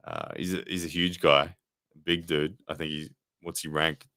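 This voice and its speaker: A man's voice: rumbling low, fairly even intonation, moderate pace, sharp tone, no room sound, clean studio sound. A man hosting a casual live stream review, chatting loosely with many fillers and restarts while answering viewers' comments. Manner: rambling, conversational, frequent fillers and restarts. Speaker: livestream host and armwrestling commentator.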